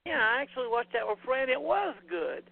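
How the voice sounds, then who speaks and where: High-voiced man on a tinny line. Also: very animated, brisk, vocal fry. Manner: blunt, emphatic. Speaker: podcast co-host. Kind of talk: casual chat about films. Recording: tinny phone-like sound.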